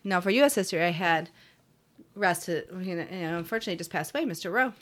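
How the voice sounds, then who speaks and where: A woman in her fifties co-hosting a podcast in casual chat, easygoing and reminiscing with quick short replies. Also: fairly low pitch, expressive, a bit bright. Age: 50s. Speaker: podcast co-host.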